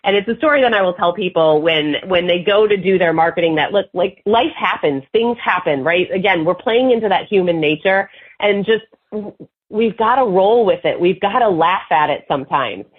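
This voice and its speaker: A woman with a husky, breathy voice tells lively anecdotes as an interview guest, jumping into quoted voices as she goes. The sound is thin and tinny, like a phone line. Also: lowish voice, normal speed. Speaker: marketing expert guest. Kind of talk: casual interview storytelling.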